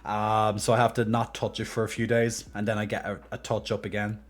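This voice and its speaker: A man's voice: lowish voice, monotone, brisk. A man with a mild Irish accent, chatting casually and playfully as a live streamer. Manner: playful and jokey, laughs often. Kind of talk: casual chat.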